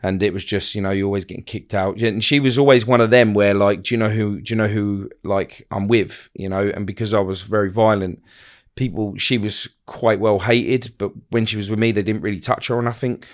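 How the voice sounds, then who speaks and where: A low-voiced man, halting but steady in tone, tells stories as a guest in a casual interview. He rambles, with many fillers and restarts.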